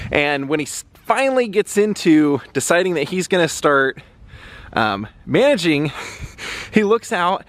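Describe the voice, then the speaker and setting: A man's voice: fairly high pitch, a bit bright. A man chatting casually as a vlog host, rambling with frequent ums while walking outdoors around a baseball stadium. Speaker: travel vlogger visiting film locations.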